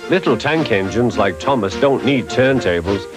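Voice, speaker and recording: Man storyteller, low voice, lively melody, storybook narration over music. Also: moderate pace. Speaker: storyteller host. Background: background music.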